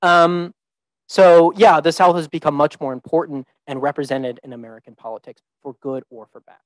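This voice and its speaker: Young male teaching fellow, slightly high voice, easygoing halting delivery, dry close sound. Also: no echo, rough recording. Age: young adult. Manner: relaxed, thinks aloud with many ums and restarts. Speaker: visiting teaching fellow presenting. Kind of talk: informal lecture to students.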